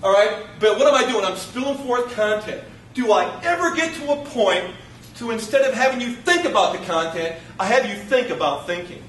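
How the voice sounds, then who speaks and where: A man teaching a college class in a lively, joking lecture, acting out what his students say. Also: high-pitched, moderate pace, roomy sound, distant mic, a little hiss or hum, poor audio. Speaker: college instructor.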